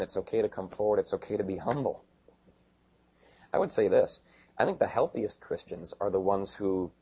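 A middle-aged man preaching a sermon in a conversational, joking way, slipping into quick voices of the people he describes. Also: on the low side, gravelly, mellow, husky. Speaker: pastor.

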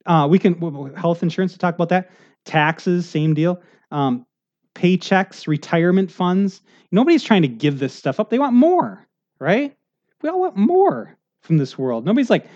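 A man preaching a conversational sermon, rambling and animated, full of asides and restarts. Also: fairly high pitch, normal speed. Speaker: pastor. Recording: muffled lo-fi recording.

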